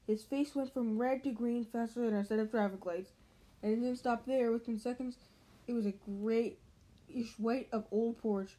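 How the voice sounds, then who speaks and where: A woman's voice: fairly high pitch, fairly even intonation, normal speed, warm tone, rough recording. A woman reading a novel aloud in a casual way, tripping over words and restarting now and then. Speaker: reader.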